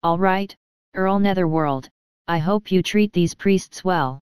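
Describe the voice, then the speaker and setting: A woman's voice: fairly low pitch, slow, a little mellow, smooth, no echo. A woman voicing a resigned middle-aged male commander who speaks wearily. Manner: weary, resigned.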